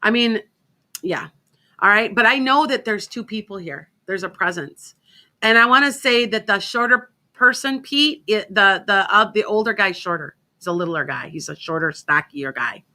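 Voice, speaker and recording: A woman's voice: mid-range voice, normal speed, sharp tone. A woman hosting a psychic radio show in casual, rambling chat, often restarting her sentences. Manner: chatty, rambling, self-interrupting.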